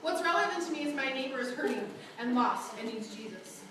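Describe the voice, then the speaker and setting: A woman teaching a church Bible class, animated and often acting out quotes with a laugh. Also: sits high, fairly quick, a crowd in the background. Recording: very echoey room, mic far off.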